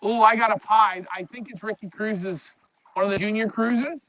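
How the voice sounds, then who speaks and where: A man talking loudly to his pigeons as he shows his loft on a live phone stream. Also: high voice, steady tone, normal speed. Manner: loud, talks to his birds. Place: pigeon loft, outdoors nearby. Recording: dull lo-fi stream audio.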